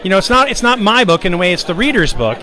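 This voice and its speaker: A man's voice: high-pitched, sing-song, pushed and bright, low-quality recording. A man, the author of the novel, giving a thoughtful red carpet interview outdoors at a premiere. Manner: thoughtful, measured, listing qualities one after another.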